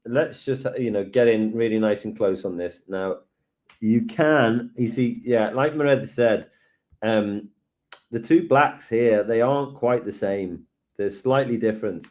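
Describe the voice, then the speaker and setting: Low, mellow man thinking aloud. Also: unhurried. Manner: relaxed, thinking aloud while working. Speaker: co-presenter. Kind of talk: live software lesson.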